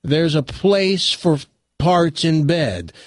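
A man voicing a blunt, stubborn, protective father in a spoken joke, earnest and halting, repeating his words. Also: on the high side, sing-song, no room sound, voice pushed up, heavily acted. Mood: stern.

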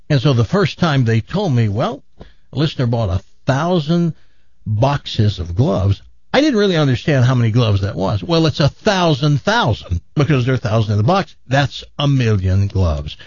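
A man hosting a radio talk show, chatting and joking, then pitching a sponsor in a salesman-like way. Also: darkish tone, no echo, lo-fi sound. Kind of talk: casual radio chat and live read.

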